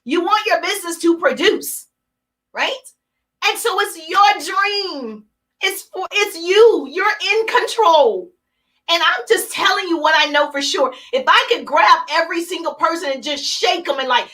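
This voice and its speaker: A woman's voice: extremely high pitch, lively intonation, moderate pace, sharp tone. A woman hosting a live motivational business broadcast, talking emphatically and energetically in punchy, repeated phrases. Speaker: host of a business coaching broadcast.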